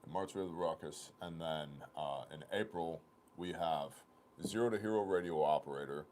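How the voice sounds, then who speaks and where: A man hosting a casual company livestream, chatting and telling stories with animated laughter. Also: low-pitched, moderate pace, slight background noise. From Oklahoma. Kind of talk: casual chat and storytelling.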